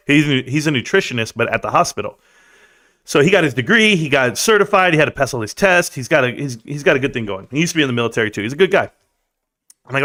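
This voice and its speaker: A man's voice: mid-range voice, fast talker. A man hosting a casual livestream, talking loosely in slang and reading out chat comments. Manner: loose, slangy, animated, reads chat aloud. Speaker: livestream host.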